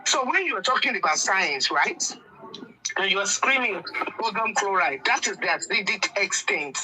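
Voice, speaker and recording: A Nigerian woman on a debate panel, pressing her questions with slow, deliberate emphasis. Her voice is very bright and cutting, and it sits at an ordinary middle pitch. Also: expressive, a little hiss or hum, poor audio.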